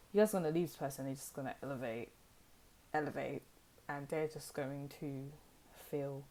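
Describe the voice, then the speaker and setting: Young girl doing a tarot reading, low voice, sassy and chatty, lots of "like". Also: darkish tone. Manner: chatty and sassy, heavy use of "like" and "you know". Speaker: tarot reader. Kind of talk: casual direct-to-camera tarot reading.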